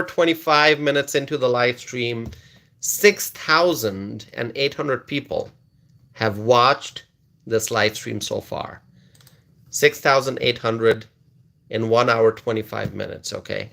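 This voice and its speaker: A man hosting a casual political live stream, chuckling often as he talks. He stumbles over and repeats words as he reads viewer comments aloud, in a voice of middle pitch. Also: gravelly, a bit bright. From United States.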